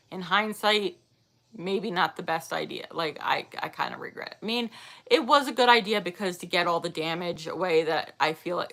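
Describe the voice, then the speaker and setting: Woman in her thirties, rambling casual chat, gravelly low-ish voice. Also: bright, forceful tone. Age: 30s. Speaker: vlogger chatting with viewers. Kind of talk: casual chat reading viewer comments.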